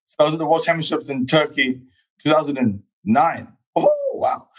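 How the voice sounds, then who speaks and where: A man's voice: on the high side, fairly quick, poor audio. A man from England, in his thirties, telling his life story in a casual chat and acting out quoted voices. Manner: animated, acts out quoted voices. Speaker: guest athlete.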